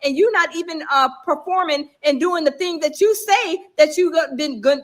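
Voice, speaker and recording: A woman co-hosting a casual reaction show, animated and speaking straight to the audience. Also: high voice, moderate pace. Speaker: co-host.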